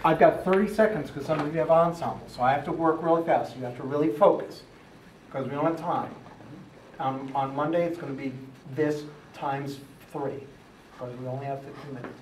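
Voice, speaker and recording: A man teaching a music class, brisk and upbeat as he directs the students. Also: on the high side, far from the mic, a little hiss or hum. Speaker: music education professor. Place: large echoey classroom. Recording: roomy classroom audio from afar.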